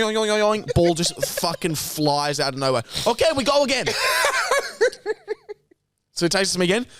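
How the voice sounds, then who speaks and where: A young man, co-hosting a podcast, telling a story in casual chat, animated and sweary, acting out other people's lines. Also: a little high, no room sound. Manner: animated, sweary, acts out quotes. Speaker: podcast co-host.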